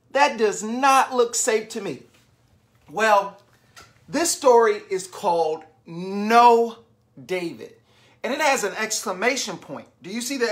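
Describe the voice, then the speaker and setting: A woman reading a picture book aloud to young children, stopping often to ask them questions and invite them to join in. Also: mid-range voice. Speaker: children's story reader.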